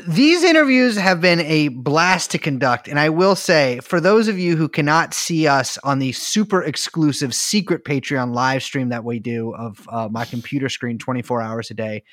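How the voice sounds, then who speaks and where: A man's voice: fairly high pitch, animated, normal speed, few pauses, a bit bright, dry recording, clean studio sound. A man co-hosting a podcast, telling rambling, joking stories in casual chat. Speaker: podcast co-host. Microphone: studio mic with headphones.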